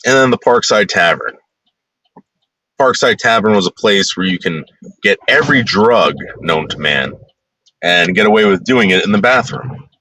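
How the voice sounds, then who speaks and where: Low-voiced blunt man rambling. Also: lively intonation, normal speed, bright, forceful tone, no room sound, poor audio. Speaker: vlogger. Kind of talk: casual tour narration.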